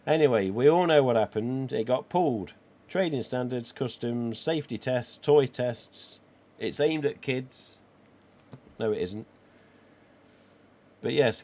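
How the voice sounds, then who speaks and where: Croaky forty-something man. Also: medium pitch, dark tone. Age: 40s. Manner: chatty and cheeky, with casual swearing. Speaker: live stream host. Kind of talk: casual livestream chat reading viewer comments.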